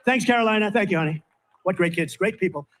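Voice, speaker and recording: A man's voice: high voice, fast, a bit bright, a little hiss or hum. An older man giving a rambling campaign rally speech from a stage, full of repetitive, off-the-cuff asides. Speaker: political candidate at a rally.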